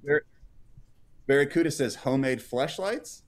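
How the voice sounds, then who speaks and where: A man's voice: mid-range voice, expressive, measured pace. A man hosting a live stream in casual chat, reading out chat comments and rambling with many fillers and restarts.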